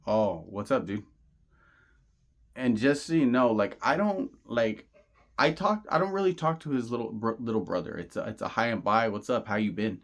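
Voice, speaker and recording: Man, fairly low voice, casual storytelling monologue, rambling, slangy, repeats himself, insistent. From Southern California. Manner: earnest and insistent. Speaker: channel host.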